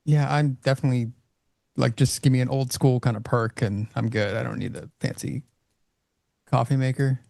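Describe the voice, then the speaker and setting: Gravelly, laid-back man, dry sound. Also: medium pitch, fairly even intonation, normal speed, darkish tone, no echo. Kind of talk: casual live trading-show chat.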